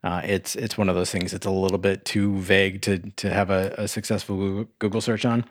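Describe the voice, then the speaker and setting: A man's voice: low-pitched, level tone, fairly quick, no room sound. A man co-hosting a podcast in casual chat, rambling with many fillers and restarts. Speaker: podcast co-host.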